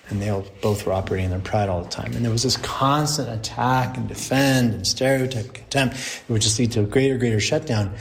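A middle-aged man, a priest, telling a story to a group in an animated way, acting out the quotes and chuckling often. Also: fairly low pitch, slight background noise.

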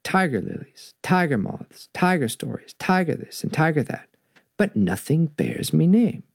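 A man's voice: fairly high pitch, unhurried, gravelly, pitched above the performer's own voice, full character voice. A man voicing a tiny, clever male spider trickster, reading aloud from a storybook. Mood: pleading. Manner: read-aloud storybook voice, lively.

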